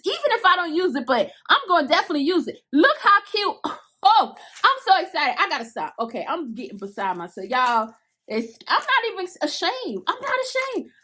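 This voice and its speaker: This woman's high-pitched, gushing chatter accompanies an unboxing of crochet hooks for her viewers. She addresses them straight on in easygoing slang, leaning on casual Southern phrases such as "y'all" and "I'ma."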